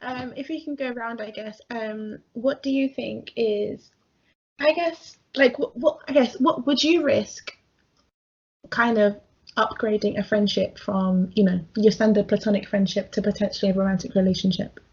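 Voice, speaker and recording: A woman's voice: medium pitch, fairly even intonation, normal speed, slightly rough. A young woman co-hosting a casual chat, speaking playfully and laughing often. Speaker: podcast co-host. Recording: dull lo-fi sound.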